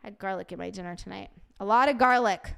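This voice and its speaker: A woman's voice: medium pitch, fast talker, gravelly, a bit bright, clear, resonant tone. A woman hosting a casual livestream, reading chat aloud, swearing and laughing often. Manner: profane, laughing, reacting to chat.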